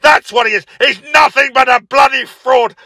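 A man playing an enraged radio caller who stammers, shouts and rants about other callers. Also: very high-pitched, moderate pace, no echo, exaggerated voice. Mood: furious. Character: furious male radio caller, middle-aged, hot-tempered. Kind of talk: comic phone-in sketch.

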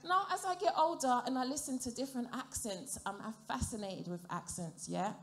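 A woman's voice: fairly high pitch, fairly quick. Playful woman doing stand-up. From African heritage, grew up in Britain. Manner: playful, questions the crowd, chatty. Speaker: stand-up comedian. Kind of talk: stand-up comedy set. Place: theatre stage before a live audience.

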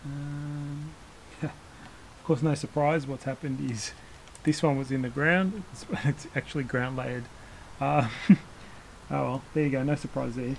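A man's voice: mid-range voice, fairly even intonation, measured pace, vocal fry, slight background noise, rough recording. A man hosting a bonsai channel, talking casually through a hands-on demonstration, rambling and correcting himself with small chuckles as he works. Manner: rambling, self-correcting, chuckles while working.

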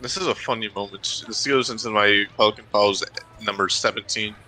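Teasing bright-voiced young man. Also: lowish voice, fairly quick, poor audio. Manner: teasing, joking. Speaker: gamer. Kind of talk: gaming voice chat.

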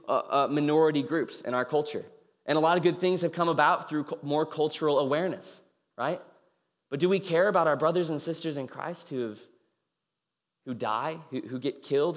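Young guy giving a laid back sermon, lots of um and like, echoey hall. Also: fairly high pitch. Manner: casual storytelling with fillers, acts out quoted voices. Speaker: campus ministry speaker. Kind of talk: informal sermon. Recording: reverberant hall.

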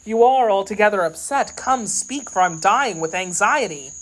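A woman voicing a brooding male musketeer who speaks in measured, grave questions in an audiobook reading. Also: medium pitch, lively intonation, natural voice. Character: brooding older male musketeer, dry, weary.

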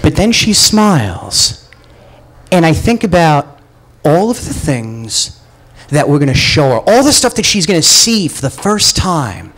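A man telling a comic personal story live at a pub show, animated and self-mocking, acting out the voices he quotes. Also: fairly high pitch, unhurried, a little hiss or hum, low-quality recording. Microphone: far camera.

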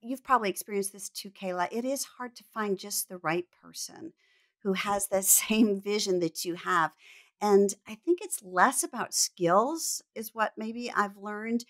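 A woman's voice: mid-range voice, measured pace, fairly bright tone. A woman business coach, a podcast guest, who talks earnestly and reflectively about faith and quotes scripture. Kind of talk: faith-centered podcast conversation.

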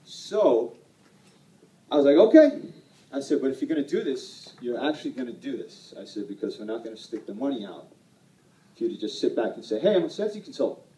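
A man's voice: mid-range voice, big pitch swings, brisk, dark tone, echoey room, distant mic, poor audio. A man telling a personal story to an audience at an event, self-deprecating and rambling, laughing often. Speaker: speaker at a sales event.

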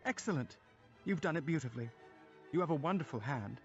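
A man voicing a proud young woman with a crisp, commanding, coolly teasing manner in a storybook reading. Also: on the high side, lively intonation, a little fast, highs cut off, faint music behind, pitched above the performer's own voice.

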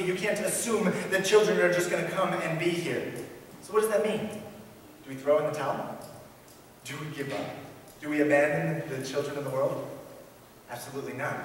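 A man preaching a sermon as pastor, earnest and emphatic, repeating key phrases and swinging between loud and hushed delivery. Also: fairly high pitch. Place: church sanctuary. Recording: echoey church hall from far off, faint room noise.

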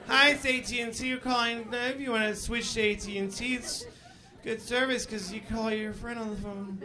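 A man voicing a dim-witted male phone-company telemarketer who rambles softly through a sales pitch. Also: fairly even intonation, normal speed, a crowd in the background, rough recording. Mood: dopey, meek.

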